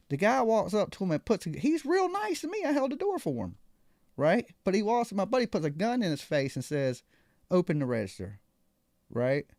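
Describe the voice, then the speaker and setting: A man's voice: sits high, a little mellow, dry recording, clean studio sound. A man hosting a live call-in show, telling a story casually and acting out other people's lines.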